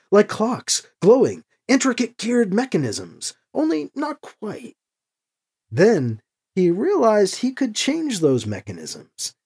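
Slow, husky audiobook narrator. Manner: expressive storytelling with wide pitch swings. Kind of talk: scripted narration.

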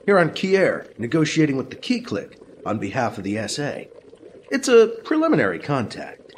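A man's voice: on the high side, wildly swooping pitch, moderate pace, slight background noise. An actor playing a wry human male space mediator in a radio drama, with dry, sardonic asides.

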